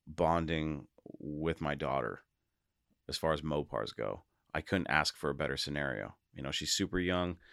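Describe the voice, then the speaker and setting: A man hosting his own podcast, talking casually and excitedly to his listeners and often laughing. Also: rumbling low, no echo, studio quality. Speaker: podcast host. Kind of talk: casual solo podcast monologue.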